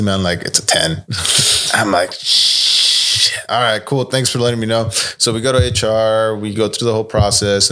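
A man's voice: lowish voice, fairly bright tone. A young man, a podcast guest, telling a story in casual chat, acting out the voices of the people in it and swearing freely.

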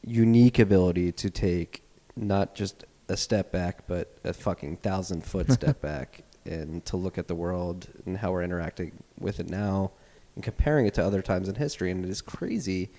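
A man's voice: low-pitched, normal speed, few pauses, mellow, long reverb tail. A male podcast host talking in casual chat, earnest and rambling, with some swearing.

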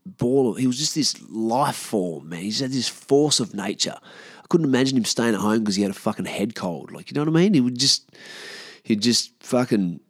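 A man's voice: mid-range voice, expressive, moderate pace, dry recording, studio quality. A man in his thirties with an Australian accent, telling stories from his past in a casual, laid-back way, swearing freely and often trailing off. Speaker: podcast host. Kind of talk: casual storytelling monologue.

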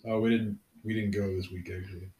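A man's voice: fairly low pitch, fairly even intonation, brisk, mellow. A man chatting casually with friends, laid-back with short remarks. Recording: echoey room.

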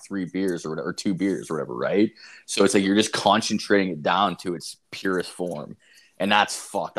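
A man with a fairly low voice rambles through stories on a casual podcast. He swears freely and talks loosely. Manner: profane, rambling storytelling. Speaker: podcast co-host. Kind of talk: casual chat.

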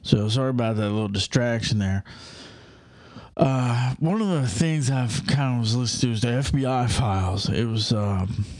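A man's voice: mid-range voice, moderate pace, a little mellow, dry recording. A man talking casually in a rambling, enthusiastic monologue, full of hesitations and restarts.

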